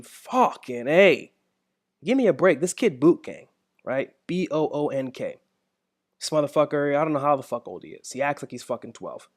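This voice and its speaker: A man's voice: mid-range voice, dry recording, studio quality. A young man hosting a podcast, ranting casually with heavy profanity, emphatic and repetitive. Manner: profane, emphatic, repeats himself. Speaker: podcast host. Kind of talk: casual monologue rant.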